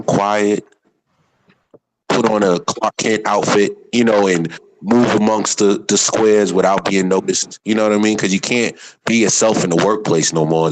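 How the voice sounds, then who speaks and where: A man's voice: sits low, low-quality recording. A man hosting a livestream chat, talking casually and often asking "you know what I mean".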